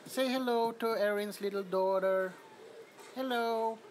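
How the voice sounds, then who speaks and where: Giggly Swedish-accented man, high voice. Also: animated, takes it slowly, a little hiss or hum. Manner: giggly, amused, introducing kittens. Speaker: livestream host. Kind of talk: casual livestream chat. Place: indoors, apartment.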